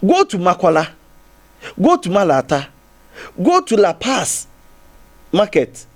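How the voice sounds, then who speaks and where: A man's voice: high-pitched, wildly swooping pitch, measured pace. A man with a Ghanaian English accent arguing as a guest on a TV panel, circling back with repeated restarts and rhetorical questions. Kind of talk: heated TV panel debate.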